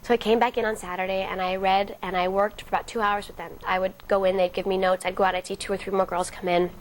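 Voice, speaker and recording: An actress being interviewed, telling a story and acting out the lines of the people in it. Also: female voice, medium pitch, little pitch movement, fast talker, poor audio. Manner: acts out quoted dialogue vividly.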